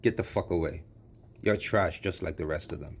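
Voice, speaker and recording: Heated low-voiced man ranting. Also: normal speed, creaky, slightly rough. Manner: heated, profane, repetitive. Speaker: commentary vlogger. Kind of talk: angry reaction rant.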